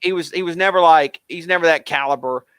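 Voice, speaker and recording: A man co-hosting a casual sports chat, rambling and excitable, with lots of fillers. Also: fairly high pitch, quick pace, clear, resonant tone, dry recording. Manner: rambling, excitable fan talk with many fillers. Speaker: podcast co-host.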